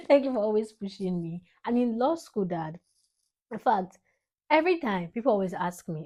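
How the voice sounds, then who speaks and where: A woman's voice: mid-range voice, big pitch swings, moderate pace, darkish tone. A young woman in her twenties with a Nigerian accent, talking to camera in a heartfelt, dramatic tribute to her father, laughing between lines. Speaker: vlogger.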